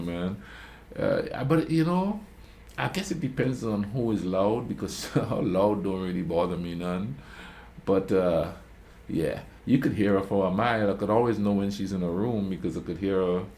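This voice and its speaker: Male reaction host, low mellow tone, laid-back rambling storyteller. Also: unhurried, slight background noise. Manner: rambling anecdotes, frequent "you know what I mean"; calls himself a quiet talker. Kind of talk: casual storytelling commentary.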